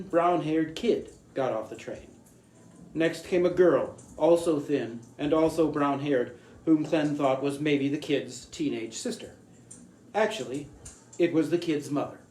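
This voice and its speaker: A man reads a short story aloud in a measured, deliberate way. His voice sits a little high for a man. The recording is roomy and echoey, with a faint hiss underneath. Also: a little mellow.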